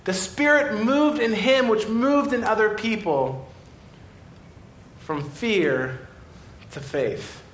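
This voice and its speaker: A man preaches with a fairly high, lively voice that jumps from excited storytelling to quiet, earnest moments. The sermon is recorded in an echoey church room with a faint low rumble underneath. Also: slow. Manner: animated storytelling, swings between excited and quiet. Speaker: pastor.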